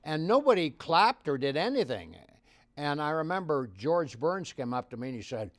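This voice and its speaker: An older man from Canada, a guest telling showbiz stories in an animated interview style, his voice rising and falling. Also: fairly high pitch, measured pace, dry recording. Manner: animated storyteller, swings loud and soft. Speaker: impressionist guest. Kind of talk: anecdotal interview storytelling.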